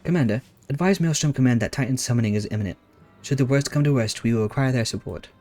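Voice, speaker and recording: A man voicing a formal, earnest young male scholar in a game, with measured, careful speech. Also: medium pitch, a little mellow, faint music behind, natural voice. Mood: urgent.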